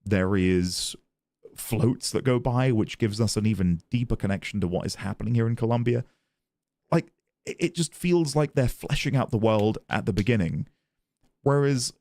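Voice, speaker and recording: A man's voice: medium pitch, moderate pace, darkish tone, no room sound. A man streaming a video game, chatting casually and reading chat and game text aloud. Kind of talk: casual gaming commentary.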